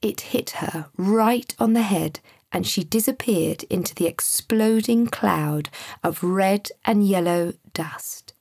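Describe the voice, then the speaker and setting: A woman reading a children's story aloud in a gentle, expressive way. Her voice is a little husky and sits at a middle pitch. The recording is close and dry. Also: slow pace, no echo. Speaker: narrator.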